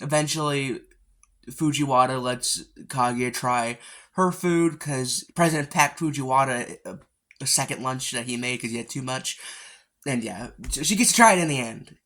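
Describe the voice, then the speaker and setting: A man with a voice a little higher than most men's walks through an anime episode in a casual, meandering way. He leans on fillers and mild curses. He slips into the characters' quoted lines with a lifted, louder delivery. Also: lively intonation, normal speed. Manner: rambling, fillers and mild swearing. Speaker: anime recapper.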